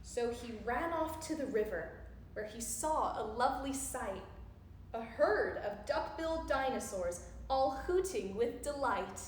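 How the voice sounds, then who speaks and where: A woman reads a rhyming picture book aloud for children in a sing-song voice. She speaks slowly with a high, light tone, and the roomy space gives her words an echoing tail over a faint hum. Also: expressive, faint music behind. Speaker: storyteller. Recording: roomy echo, faint background noise.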